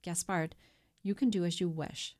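A fearful, grim innkeeper's wife who mutters her warnings, as a woman reader puts her on. Her voice sits low and guarded. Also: fairly even intonation, moderate pace, a little mellow, natural voice.

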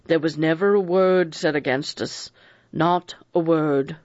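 A man's voice: a little high, steady tone, a little slow, dry recording, lightly acted. A man voicing a nervous older male servant who insists on his innocence in a defensive, pleading way. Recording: dull, dry lo-fi recording.

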